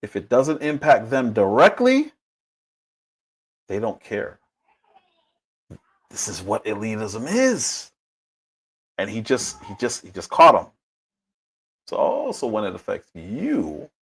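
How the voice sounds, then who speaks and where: Animated husky male commentator. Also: slow, pauses often. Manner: animated, emphatic, with big pitch swings. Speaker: livestream commentary host. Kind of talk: political commentary livestream.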